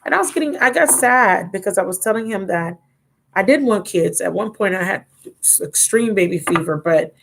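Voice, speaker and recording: Woman in her thirties, live-stream host, gravelly voice, rambling chatty manner, talks to viewers. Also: mid-range voice, animated, normal speed, fairly bright tone, a little hiss or hum. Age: 30s. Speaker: tarot reader and channel host. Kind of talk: casual live-stream chat. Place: at home.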